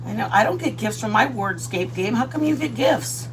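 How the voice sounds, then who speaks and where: A woman hosting a casual cooking livestream from her home kitchen, chatty and playful, greeting viewers by name with loud excited bursts. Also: on the high side, normal speed, background noise.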